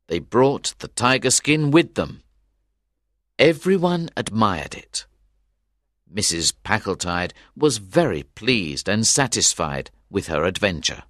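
A man narrating a simplified story in a measured, expressive way. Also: fairly low pitch, dry recording, clean studio sound.

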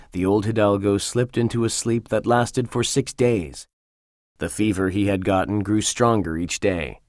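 A man narrating a storybook in a calm, measured way. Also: fairly low pitch, no room sound, studio quality. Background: faint music.

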